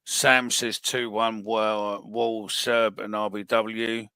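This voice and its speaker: Deep-voiced bloke hosting a footy podcast, swears a lot, dry close sound. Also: male voice, flat delivery, slow pace, creaky, sharp tone, clear, resonant tone, no room sound. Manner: blunt, swears freely. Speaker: podcast host. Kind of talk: casual football podcast chat.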